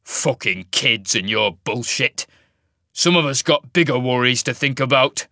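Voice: medium pitch, animated, unhurried, sharp tone, dry recording, studio quality. A narrator voicing a surly wolf man who snarls his coarse lines. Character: gruff older werewolf man, surly.

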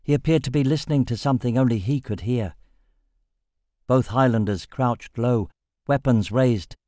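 A man narrating a fantasy audiobook in a steady, measured storytelling voice. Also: medium pitch, no echo, clean studio sound.

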